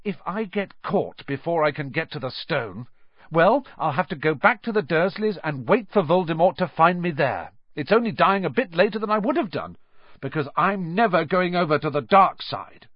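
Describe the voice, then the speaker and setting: Determined schoolboy, read by a man, urgent, emphatic, lively, dry dull recording. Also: a little high, moderate pace, no echo, pitched above the performer's own voice. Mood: impassioned. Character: determined young schoolboy hero, urgent and defiant.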